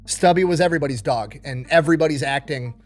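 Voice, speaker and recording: A man's voice: on the high side, fast talker, faint music behind. A man hosting a casual, comedic retelling of history in a profane, wisecracking, conversational way. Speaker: host.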